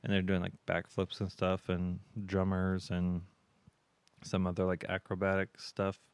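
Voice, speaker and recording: A man's voice: sits low, completely flat delivery, a little slow, clean tone, no room sound. A man co-hosting a podcast, telling a rambling story in casual chat with lots of fillers. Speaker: podcast co-host.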